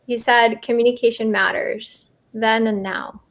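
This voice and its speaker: A woman's voice: on the high side, fairly even intonation, measured pace, vocal fry. A woman interviewing a guest in a casual conversation, adding brief encouraging interjections.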